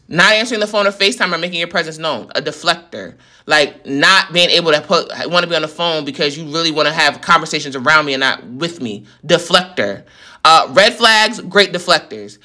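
A woman's voice: low-pitched, animated, moderate pace, pushed and bright. Fired-up New woman ranting. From New York. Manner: heated, profane, venting. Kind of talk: storytime rant to viewers.

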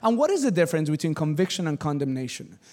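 A male pastor preaching a sermon, telling a personal story with jokes, loud exclamations and hushed asides to his congregation. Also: fairly high pitch, fast talker. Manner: animated, jokey storyteller who swings from loud exclamations to quiet asides. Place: church service before a congregation.

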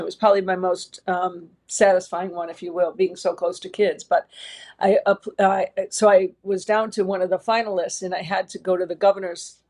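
A woman's voice: mid-range voice, darkish tone. A middle-aged woman, an education leader, telling her personal story in an interview in an earnest, reflective way, with long winding sentences.

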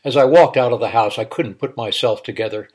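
A middle-aged man reading a personal story aloud in a reflective way, stammering and halting when quoting himself. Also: mid-range voice, a little mellow, breathy edge.

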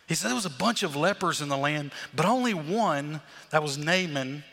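A man preaching a sermon as pastor, animated, acting out the crowd's voices. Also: fairly high pitch, moderate pace, in a large hall.

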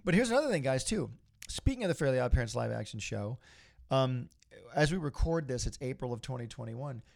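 A man's voice: mid-range voice, expressive, brisk, creaky, darkish tone. A middle-aged man hosting a casual podcast, talking in an upbeat, rambling, motivational way. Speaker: podcast host.

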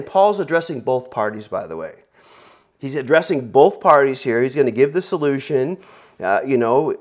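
Rambling male preacher. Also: medium pitch. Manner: rambling, filler-heavy, joking. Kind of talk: conversational sermon.

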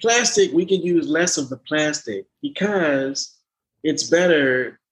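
A man rambling through a funny story in casual comedy banter, clearing his throat. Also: fairly high pitch, animated, slow pace, fairly bright tone, low-quality recording.

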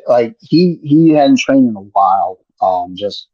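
A man's voice: mid-range voice, expressive, takes it slowly, dry recording. A man in laid-back, rambling casual chat on a podcast, swearing freely. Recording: muffled lo-fi audio.

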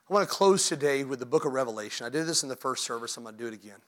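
A man preaching a sermon, moving from hushed whispers to shouted, pleading appeals. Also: medium pitch, animated, rapid-fire, few pauses. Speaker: pastor.

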